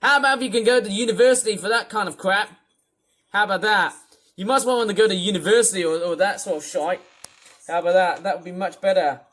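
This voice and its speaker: A man's voice: high voice, fast, a bit bright. A man giving rambling reaction commentary, exasperated and full of swearing. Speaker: video commentator.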